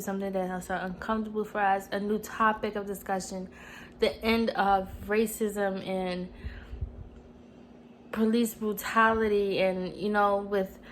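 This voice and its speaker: Woman, twenties, personal vlog, earnest and rambling, middle pitch, faint background noise. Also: poor audio. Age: 20s. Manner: earnest, emotional, rambling with many "you know"s. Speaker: vlogger. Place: at home, TV on mute.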